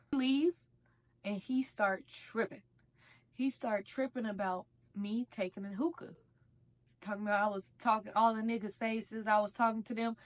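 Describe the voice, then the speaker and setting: A young woman vlogger tells a casual storytime while eating, using slangy, profane, conversational language. Her voice is mid-range with fairly even intonation at a normal speed.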